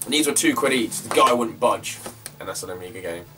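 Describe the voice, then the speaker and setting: Young bloke, rambling casual vlogger, swears a lot; distant mic, soft guitar underneath. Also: male voice, medium pitch, lively intonation, fairly quick. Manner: rambling, chatty, swears freely. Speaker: retro game collector. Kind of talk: casual vlog chat. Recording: distant from the mic, faint guitar music behind.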